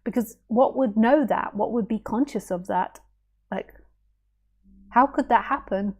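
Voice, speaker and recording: A woman with a slightly raised voice speaks as a non-duality teacher, thinking aloud in an unscripted spiritual talk. She is playful and animated, asking rhetorical questions and slipping into little acted-out voices to make her point. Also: on the high side, normal speed. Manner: musing, asks rhetorical questions.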